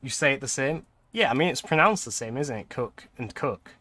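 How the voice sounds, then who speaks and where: Young male streamer, bright clear tone, chatty, laughs a lot. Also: medium pitch, lively intonation, brisk. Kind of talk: casual gameplay commentary.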